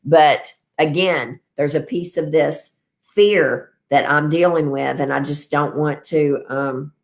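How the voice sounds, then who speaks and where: Low-voiced rambling woman in her fifties. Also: slow pace, vocal fry. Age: 50s. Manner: rambling, warm toward viewers. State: tired after illness. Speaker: wellness show host. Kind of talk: casual livestream chat.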